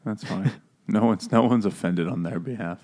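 A man's voice: on the low side, moderate pace, dark tone. A man co-hosting a casual comedic book chat, cracking jokes and laughing often. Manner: jokey, wisecracking, laughs often. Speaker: podcast co-host.

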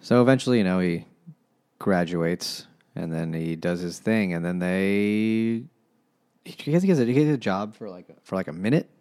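A man co-hosting a casual book-club podcast, retelling the plot in a relaxed way with quoted asides. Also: low-pitched, normal speed, no room sound. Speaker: podcast co-host.

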